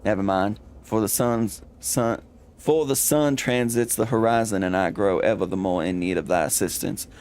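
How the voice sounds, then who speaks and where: A man doing a pompous archaic gentleman. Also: fairly low pitch, normal speed, natural voice. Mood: haughty. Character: stiff, formal old-fashioned gentleman speaking archaic English.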